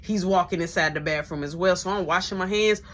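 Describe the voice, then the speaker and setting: A woman's voice: on the low side, a little fast, fairly bright tone, a little hiss or hum. A young adult woman telling a profane, slangy personal story in a casual monologue, dropping into whispers when she quotes people.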